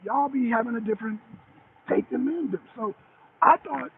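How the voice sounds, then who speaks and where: A man's voice: extremely high pitch, normal speed, vocal fry. A man hosting a casual livestream talk show, rambling and calling out chat viewers by name as he repeats himself. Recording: tinny phone-like audio with faint noise.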